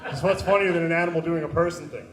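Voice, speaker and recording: A young man doing a stand-up set, telling stories in a deadpan way and breaking into loud put-on voices. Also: fairly high pitch, very fast. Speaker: stand-up comedian. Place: small comedy venue. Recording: echoey room.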